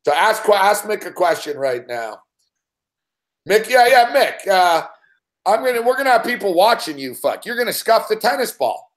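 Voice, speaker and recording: A man's voice: sits high, very animated, normal speed, fairly bright tone. A man hosting, teasing his co-host with profane, laughing banter. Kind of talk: casual banter.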